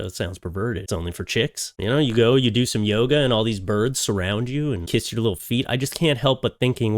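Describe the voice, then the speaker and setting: A man's voice: mid-range voice, no echo, studio quality. A Canadian man in his thirties hosting a casual commentary video, sarcastic and jokey, often laughing at his own jokes. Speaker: YouTube commentary host.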